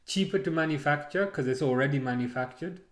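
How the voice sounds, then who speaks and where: A man's voice: a little high, a little fast. A man streaming a live football watchalong, chatting casually and ranting with many restarts. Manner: rambling, excitable rants with repeated restarts.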